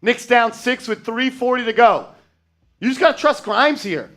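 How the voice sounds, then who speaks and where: A man hosting a fan live stream, calling play-by-play and getting loud and profane when his team messes up. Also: extremely high pitch, normal speed. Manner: excitable, shouts and swears at bad plays.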